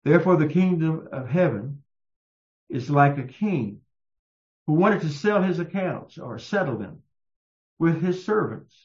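A man preaching a sermon in a slow, emphatic storytelling manner. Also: animated, darkish tone. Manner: slow, emphatic storytelling with raised-pitch quotes. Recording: echoey, muffled room sound.

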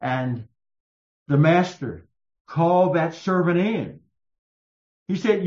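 Man, preacher, slow emphatic sermon, echoey room. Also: expressive, darkish tone. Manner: slow, emphatic storytelling with raised-pitch quotes. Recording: echoey, muffled room sound.

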